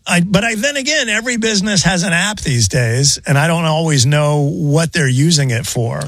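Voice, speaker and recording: A man's voice: a little high, expressive, normal speed, a bit bright, dry recording. A male radio co-host in casual banter, wry and bemused as he keeps the segment moving. His voice is close and dry on a studio mic. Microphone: studio microphone.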